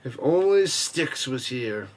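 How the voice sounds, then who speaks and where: A man hosting a live football watch party, mixing casual rambling chat and joking with quick play-by-play calls and reading viewer comments. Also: medium pitch, sing-song.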